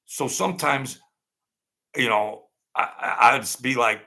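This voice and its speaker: A man's voice: mid-range voice, expressive, moderate pace, gravelly, pushed and bright. A man telling stories in a rambling, blunt, streetwise way, often repeating himself. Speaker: storyteller recounting mob-era experiences. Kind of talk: casual rambling storytelling.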